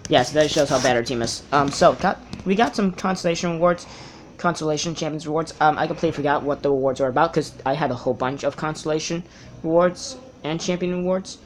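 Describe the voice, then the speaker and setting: A young man giving casual, rambling commentary while playing a card game on a tablet, often correcting himself and getting excited over good pulls. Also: a little high, fast talker, faint music behind. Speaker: mobile game player. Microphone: tablet's built-in mic.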